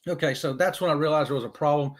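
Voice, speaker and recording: A man hosting a live stream in casual chat, folksy and excitable, often saying y'all. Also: fairly high pitch, fast talker.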